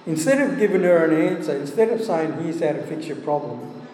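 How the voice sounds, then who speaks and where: A man gives a relaxed, talkative sermon, with a slightly high, mellow voice. His voice rings with a long reverb from the hall. Faint room noise sits underneath. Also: fairly quick. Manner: conversational, with frequent "you know" asides. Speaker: preacher. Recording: echoey hall, heard from a distance.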